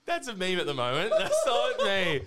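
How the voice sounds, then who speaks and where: A man's voice: sits high, wildly swooping pitch, moderate pace, heavy background noise. A man co-hosting a podcast, telling a rambling story through bursts of laughter in casual chat.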